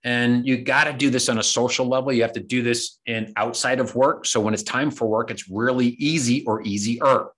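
A man hosting a podcast, telling stories and giving energetic networking tips in a coaching tone. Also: medium pitch, moderate pace, hardly any pauses. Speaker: podcast host. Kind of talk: motivational talk on networking.

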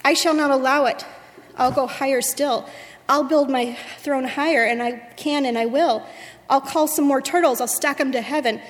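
A woman's voice: high voice, steady tone, normal speed, long reverb tail, natural voice. Woman putting on a pompous turtle king. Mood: indignant. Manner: pompous, bellowing. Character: boastful, bossy male turtle king.

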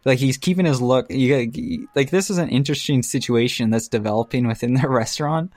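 A man's voice: medium pitch, fairly quick, no room sound. Man telling a funny story, laughing. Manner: animated storytelling, acts out quotes, laughs often. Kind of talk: casual chat.

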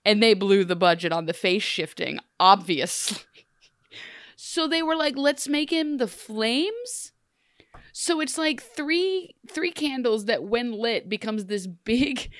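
A woman's voice: mid-range voice, expressive, slow pace, fairly bright tone, no room sound. Dry-sounding woman co-host. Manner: conversational, laughs between remarks. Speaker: podcast co-host. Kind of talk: casual chat.

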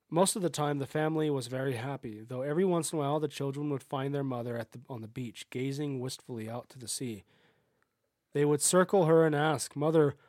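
A man's voice: medium pitch, a little mellow, no room sound, clean studio sound. A man, a podcast host, reading a folktale aloud with small stumbles and self-corrections.

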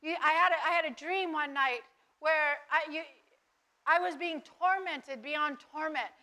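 A woman's voice: high voice, unhurried, bright, forceful tone. A woman giving earnest devotional Bible teaching, asking listeners rhetorical questions.

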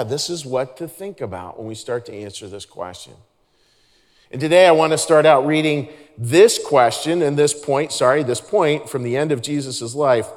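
A male pastor speaks in a middle-pitched voice, giving a sermon. He is earnest and conversational and restarts his sentences often. His voice rings with the long reverb of a large church hall.

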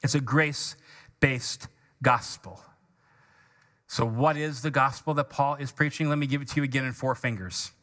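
A man preaching a sermon as pastor, reading scripture slowly with stress on each phrase and leading the congregation in call-and-response. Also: mid-range voice, steady tone, fairly bright tone. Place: church sanctuary.

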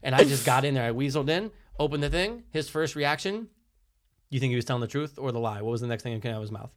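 Animated, swearing storyteller man. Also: mid-range voice, fast talker. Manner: animated, profane, acts out quotes in shifting voices. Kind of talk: casual storytelling chat.

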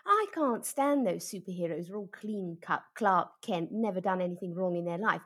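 A woman's voice: mid-range voice, very animated, normal speed, hardly any pauses, fairly bright tone. A woman hosting a comic podcast, gushing and mock-earnest as a fawning interviewer. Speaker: podcast host.

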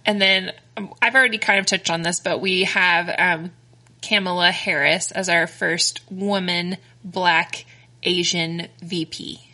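A woman's voice: lowish voice, steady tone, measured pace, sharp tone. A woman co-hosting a podcast, chatting casually with a lot of giggles and filler words. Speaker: podcast co-host.

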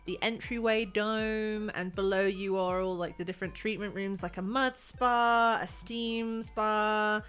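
A woman's voice: mid-range voice, fairly even intonation, a little slow, hardly any pauses, fairly bright tone, smooth, soft background music. A woman narrating a tabletop game as game master, describing scenes in a loose way full of "like"s.

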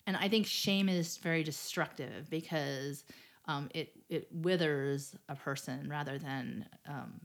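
A woman who is a life coach and author, speaking as a guest in a casual podcast interview, reflective and animated, with frequent fillers and restarts. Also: low-pitched, a little slow.

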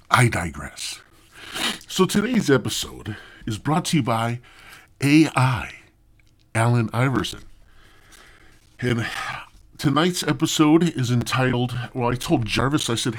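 A man hosting a comedy podcast, telling a story with heavy swearing and constant tangents. His pitch jumps around expressively as he riffs. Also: lively intonation, normal speed. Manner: profane, rambling, digressive. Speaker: podcast host.

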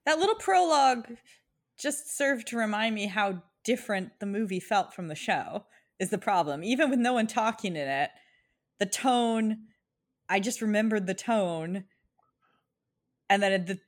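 A woman chatting casually on a podcast, animated and laughing often as she talks. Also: mid-range voice, moderate pace. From United States. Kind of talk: casual chat.

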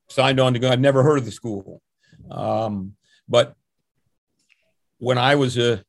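A man's voice: mid-range voice, no room sound. An older man, a longtime swim coach, recalling his youth in a rambling, anecdotal interview. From New Jersey, USA. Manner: rambling and anecdotal, with restarts and chuckles. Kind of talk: relaxed interview storytelling.

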